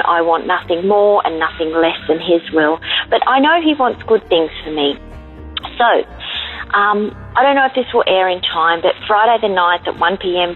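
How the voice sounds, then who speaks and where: An Australian woman calling in, chatty and rambling as she asks for prayer. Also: lowish voice. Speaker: caller. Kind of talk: phoned-in prayer request. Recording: tinny phone line, faint music.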